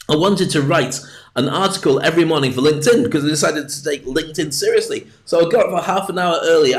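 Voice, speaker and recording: A man giving a livestreamed motivational talk, chatty and jokey, with self-mocking asides. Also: on the high side. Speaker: motivational speaker.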